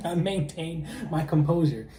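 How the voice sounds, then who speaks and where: A young man co-hosting a casual chat, relaxed and dropping joking asides. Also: a little high, slow, roomy sound, noisy background. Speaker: co-host. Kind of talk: casual chat about their wedding.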